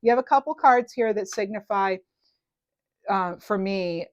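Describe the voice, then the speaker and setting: A woman giving a casual tarot reading to camera, chatty and animated, full of fillers and restarts. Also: mid-range voice, measured pace, no room sound, lo-fi sound. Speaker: tarot reader.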